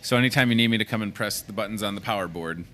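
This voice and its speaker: A man hosting a lively talk show inside a grocery store, joking and rattling off deals. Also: lowish voice, crowd noise. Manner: energetic, joking, rapid-fire deal listing. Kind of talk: upbeat promotional chat.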